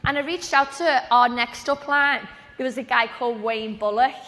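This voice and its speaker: A woman's voice: on the high side, moderate pace, a bit bright. A woman telling a personal story on stage to a live audience, acting out the conversations she quotes. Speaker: speaker at a training event. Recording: reverberant hall sound.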